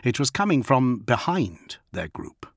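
A man reading an audiobook as narrator, measured and quiet. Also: medium pitch, sing-song, no room sound, clean studio sound. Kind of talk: scripted narration.

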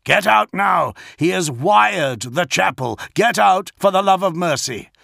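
A man voicing an urgent male officer who shouts warnings and commands, in an audiobook. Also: on the high side, slow pace, no room sound, clean studio sound, pitched above the performer's own voice. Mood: shouting warning.

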